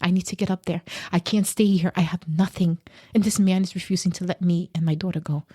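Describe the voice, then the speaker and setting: A woman's voice: lowish voice, quick pace, husky. A woman guest on a podcast telling a personal story with emotion, acting out the people she quotes. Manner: animated, acts out quoted voices.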